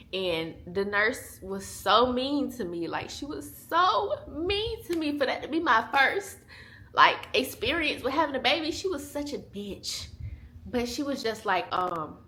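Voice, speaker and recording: A woman's voice: fairly high pitch, pushed and bright. A woman in her twenties, a mother vlogging in casual chat to camera, candid and chatty, laughing often and talking straight to her viewers. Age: 20s. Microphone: small handheld camera.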